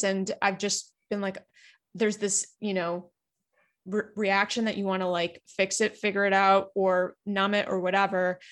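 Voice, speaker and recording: A woman from Canada talking as a guest, sharing personal experiences in an earnest, reflective way with lots of filler words. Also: mid-range voice. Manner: reflective, earnest, many fillers like "like" and "you know". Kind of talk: candid personal conversation.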